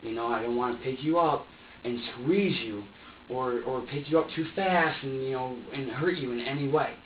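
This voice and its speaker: A man's voice: medium pitch, normal speed, a little hiss or hum. A young man being questioned by police, talking in an agitated, profane rush with stammered repeats. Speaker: suspect under police questioning. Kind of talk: interrogation statement. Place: interrogation room. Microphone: distant security camera mic. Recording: roomy, distant, dull lo-fi security footage.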